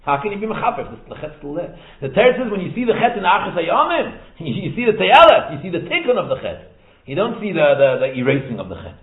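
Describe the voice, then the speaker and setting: A man giving a lively Torah lecture in English mixed with Hebrew and Yiddish terms, firing rhetorical questions and repeating phrases. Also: high-pitched, fast talker. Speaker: rabbi teaching Torah. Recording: echoey room over a tinny phone-like line.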